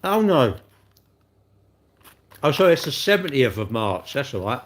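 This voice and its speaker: A man chats in a loose, cheeky ramble on a home livestream. He talks with his mouth full and answers viewers as he goes. His pitch sits in an ordinary middle range. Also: big pitch swings, measured pace, a bit bright. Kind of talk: casual livestream chat while eating.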